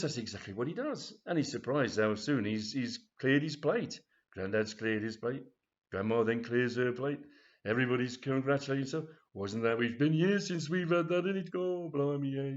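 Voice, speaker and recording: Male author reading his comic tale, chatty and rambling; dull lo-fi take. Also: medium pitch. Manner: rambling, chatty, many restarts. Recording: dull lo-fi recording.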